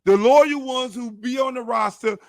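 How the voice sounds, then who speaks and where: A man's voice: very high-pitched, moderate pace, creaky, dry recording. A man who is a show host and football coach, venting in a heated, profane, repetitive rant. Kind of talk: casual ranting monologue.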